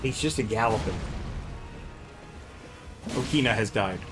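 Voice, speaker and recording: A man's voice: fairly low pitch, a little slow. A man watching a video game being played, giving wry, teasing commentary in a casual chat. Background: game music.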